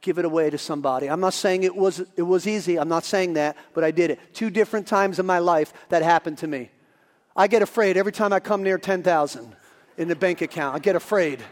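A man preaching a sermon as pastor, moving from quiet asides to shouting. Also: high voice, quick pace, in a large hall. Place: church.

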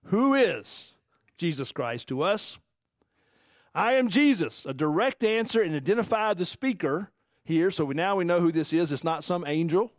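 A man's voice: fairly high pitch, moderate pace, no room sound, clean studio sound. Chatty preacher man teaching from scripture. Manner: conversational, animated, asks the audience questions. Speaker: pastor. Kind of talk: casual Bible-teaching sermon.

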